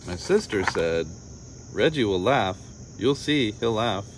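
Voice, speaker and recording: A man reading a children's picture book aloud, gently, lifting his voice a little for the children's lines. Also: animated, unhurried, noisy background. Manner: gentle storytelling, voices the children's lines slightly higher and livelier. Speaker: storybook reader.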